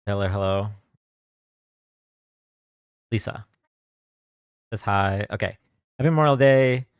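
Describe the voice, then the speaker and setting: A man's voice: lowish voice, slow, smooth, no echo, studio quality. A young man hosting a live stream from home, chatting casually and greeting viewers by name in a loose, joking way. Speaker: livestream host.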